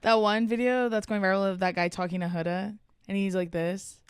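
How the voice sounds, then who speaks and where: A young woman with a smooth, clear voice chats on a podcast in a relaxed, slangy way. She rambles and laughs along with her co-host. The mic is close, and the room is dry. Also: mid-range voice, a little fast, dry recording. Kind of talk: casual chat.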